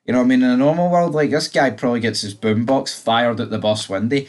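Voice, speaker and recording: A man's voice: medium pitch, quick pace, a little mellow. Blunt, sweary man reviewing TV. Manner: blunt, rambling, swears freely. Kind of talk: casual episode review.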